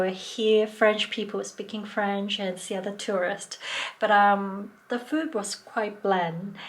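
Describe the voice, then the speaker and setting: A woman vlogger chatting casually to her camera at an average pitch. She talks in a loose, hesitant way with plenty of fillers and often laughs as she goes. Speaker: travel vlogger.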